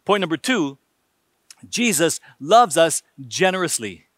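A man's voice: on the high side, sing-song, a little slow, fairly bright tone, no room sound, clean studio sound. A man preaching a sermon emphatically, using rhetorical questions and numbered points.

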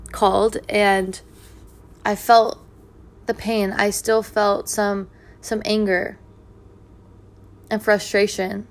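A woman speaking in an earnest, reflective monologue about healing, repeating gentle affirmations. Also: medium pitch. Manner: soft, earnest, repetitive affirmations. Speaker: spiritual speaker.

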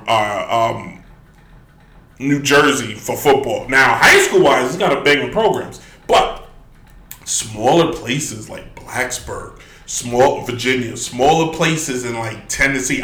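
A man's voice: medium pitch, sharp tone. A man hosting a sports talk show, ranting with emphatic asides and rambling restarts. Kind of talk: opinionated sports rant. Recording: echoey room.

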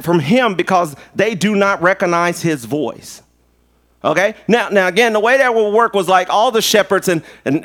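Male pastor, animated sermon delivery, joking, slightly high-pitched voice. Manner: playful, animated preaching with jokes and acted-out voices. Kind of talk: lively sermon.

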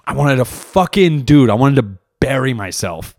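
A man, hosting a podcast and telling a story in a profane, animated way, with lots of "right?" and "dude". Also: mid-range voice, moderate pace, dry recording, studio quality. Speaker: podcast host; jiu-jitsu competitor. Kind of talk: casual monologue.

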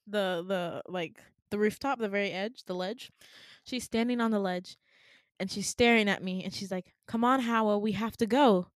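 Animated woman retelling a dream. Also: mid-range voice, no room sound, studio quality. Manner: animated, laughing, lots of fillers. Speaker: podcast co-host.

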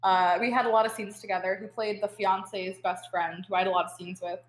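This young adult guest student talks casually, rambling through a story full of filler words and laughter. Her mid-range voice stays level and a little fast, captured roughly in an echoey room.

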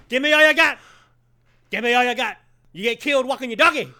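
A man doing a loud, over-the-top impression of a gruff movie detective. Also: very high-pitched, pitched above the performer's own voice, exaggerated voice. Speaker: podcast co-host.

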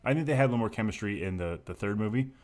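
A man in casual chat about a film, blunt and joking, swearing freely through animated rants. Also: fairly low pitch, very fast. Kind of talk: casual movie discussion chat.

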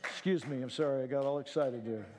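A man preaching a sermon. He swings from hushed, solemn passages to fervent near-shouting. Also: mid-range voice, quick pace, in a large hall, noisy background.

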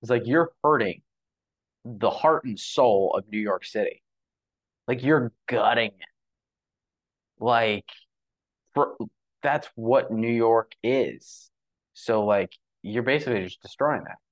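A man's voice: medium pitch, takes it slowly, pauses often, lo-fi sound. A young man co-hosting a podcast, talking in casual, opinionated commentary with many fillers. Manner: animated, opinionated, lots of fillers. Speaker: podcast co-host.

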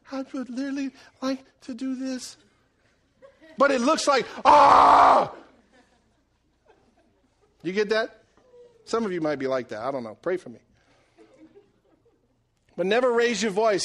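High-voiced, animated man preaching. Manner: animated and joking, swings from loud to hushed. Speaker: pastor. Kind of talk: sermon.

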